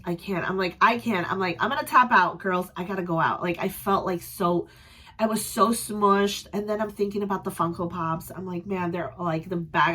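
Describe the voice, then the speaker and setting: A young adult woman vlogger telling a story in a casual, chatty way, animated and quick to laugh. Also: medium pitch.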